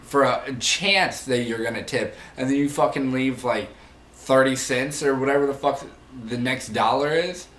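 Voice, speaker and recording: A man's voice: mid-range voice, normal speed, fairly bright tone, reverberant. A young man ranting casually to the camera about rude people, heated and profane, rambling as he goes. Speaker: vlogger; manager.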